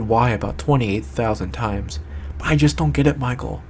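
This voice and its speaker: A young man speaking straight to the camera in an emotional monologue, distraught and fighting back tears, halting and repetitive, swearing as he searches for words. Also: medium pitch, darkish tone, a little hiss or hum. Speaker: video maker addressing a friend.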